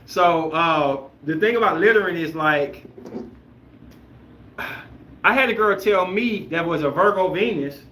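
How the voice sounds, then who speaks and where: A man hosting a podcast, chatting casually and reacting to viewer comments in an animated, emphatic, rambling way. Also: a little high, slight background noise. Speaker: podcast host. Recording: roomy echoey room.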